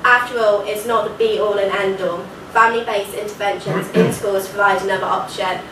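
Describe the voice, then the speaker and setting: A woman's voice: medium pitch, fairly even intonation, normal speed, background noise. A young woman with a nasal voice giving an earnest academic presentation, dotted with casual fillers. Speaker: student presenter. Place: university lecture hall. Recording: echoey hall recording from far off.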